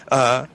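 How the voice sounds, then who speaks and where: A man's voice: medium pitch, a little hiss or hum, poor audio. A man telling a profane story in casual chat, acting out what others said in a raised voice. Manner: animated, profane, acts out quoted lines in a raised voice. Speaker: show regular telling a story.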